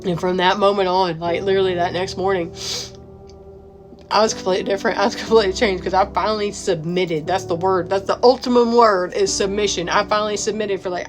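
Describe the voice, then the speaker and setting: A woman's voice: mid-range voice, flat delivery, fast talker. A woman giving a raw personal testimony, repeating herself and swearing freely as she talks. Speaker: mother and business owner telling her story. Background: music.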